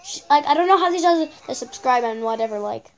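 A woman's voice: sits high, lively intonation, quick pace, faint music behind. A female channel host giving casual reaction commentary on videos, rambling with lots of repeated okays and ums.

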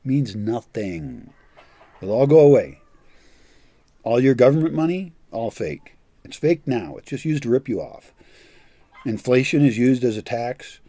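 Blunt older man with a dark husky voice. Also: medium pitch, animated, unhurried, pauses often, no echo. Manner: blunt, profane, scornful. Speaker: vlogger. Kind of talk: ranting monologue.

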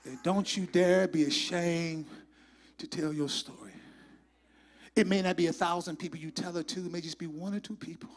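Gravelly, high-voiced preaching pastor. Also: male voice, fairly even intonation, moderate pace. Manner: swings from shouted preaching to hushed near-whispers. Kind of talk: sermon. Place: church sanctuary.

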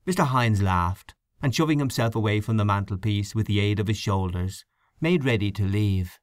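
A man narrating an audiobook in a measured storytelling manner. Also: lowish voice, dry recording, clean studio sound. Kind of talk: scripted narration.

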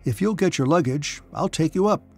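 A man voicing a lame young man who is quiet, thoughtful and firm, with a slightly higher voice. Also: animated, a little fast, vocal fry, husky, faint music behind, heavily acted.

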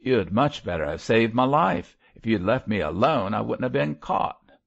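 A man voicing a surly, defiant prisoner who growls his lines in rough, aitch-dropping speech. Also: medium pitch, expressive, normal speed. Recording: muffled lo-fi recording.

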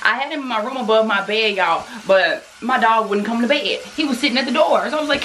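Young woman, casual phone vlog, jokey, clear background noise. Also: medium pitch, sing-song, quick pace, few pauses, a bit bright. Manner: chatty, joking, addresses viewers as y'all. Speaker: vlogger. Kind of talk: casual vlog chat to camera. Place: home and car.

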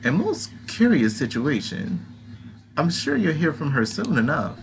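A man's voice: a little high, wildly swooping pitch, unhurried, vocal fry, a little hiss or hum, pitched above the performer's own voice, heavily acted. A man voicing a huge, proud female spider who plans weddings, speaking in a gracious, self-assured way. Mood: curious.

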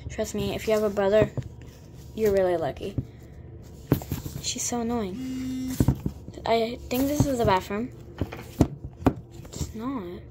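A woman's voice: a little high, takes it slowly, long pauses. Chatty young gamer girl, noisy recording. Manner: chatty, with lots of fillers and sudden exclamations. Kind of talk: gameplay commentary.

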